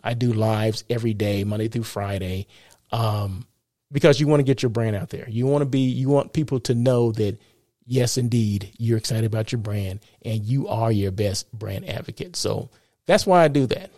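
Gravelly-voiced man hosting a casual live show. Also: on the low side, moderate pace, dark tone, dry recording, clean studio sound. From United States. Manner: chatty, keeps checking in with "right?", chuckles at his own jokes. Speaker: host of a live show and podcast. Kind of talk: casual live-stream talk.

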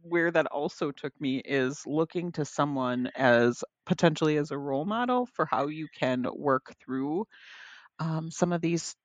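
A woman's voice: sits low, measured pace, no room sound. A woman co-hosting a podcast in casual chat, reflective and thinking aloud as she goes. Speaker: podcast co-host.

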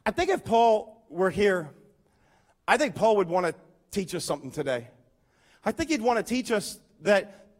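A pastor giving a lively, conversational sermon with emphatic points and humorous asides. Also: male voice, sits high, moderate pace.

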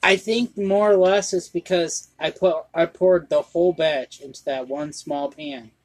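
A man's voice: on the high side, fairly even intonation, a little slow. Rambling man with stop-start speech. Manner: rambling, with restarts and swearing. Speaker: podcast co-host. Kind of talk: casual chat.

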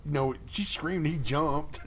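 A man's voice: on the high side, takes it slowly, crowd noise. A man co-hosting a podcast in casual chat, rambling, trailing off mid-sentence and laughing often. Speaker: podcast co-host.

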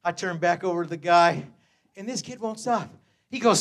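Brief: middle-aged man, pastor, high-pitched, tells stories with constant chuckles and "amen"s, builds to fervent shouts. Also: fairly quick. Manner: chuckles often between phrases, peppers speech with "uh" and "amen"; swings from low asides to loud, fervent preaching. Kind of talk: storytelling sermon.

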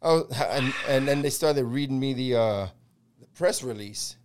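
Middle-aged American man, podcast host, lively storyteller who acts out every quote and swears freely. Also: medium pitch, normal speed. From United States. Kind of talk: casual storytelling chat.

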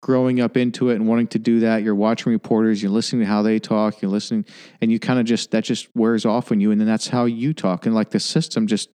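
A man's voice: fairly low pitch, level tone, fast talker, mellow, clean tone. A man hosting a podcast, asking questions in a thoughtful, casual way as he searches for words. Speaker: podcast host. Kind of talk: casual interview chat.

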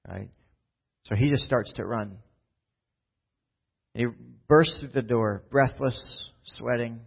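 A male pastor delivers a sermon in a loose, conversational way, tossing in "right?" and "like" as he retells the story. His voice sits in a middle pitch, and the recording sounds slightly dull and lo-fi. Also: takes it slowly, creaky, pauses often, breathy edge.

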